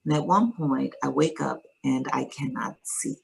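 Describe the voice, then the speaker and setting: A woman speaks in a low, gravelly register with a husky edge to her voice. She is an interview guest, recounting a personal story in a calm, reflective way. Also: unhurried, poor audio.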